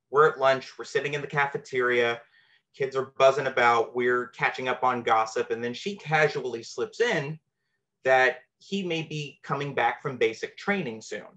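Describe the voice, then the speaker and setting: A man's voice: medium pitch, pushed and bright. A man telling a true, personal story from his teenage years, earnest and candid with a self-deprecating edge.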